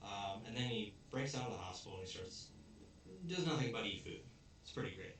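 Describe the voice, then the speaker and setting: A young man hosts a casual review, rambling through plot points with lots of fillers. His voice sits a little low and bounces around a roomy space, picked up from a distance with slight hiss. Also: fairly quick, fairly bright tone. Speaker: podcast host. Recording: echoey room, distant mic.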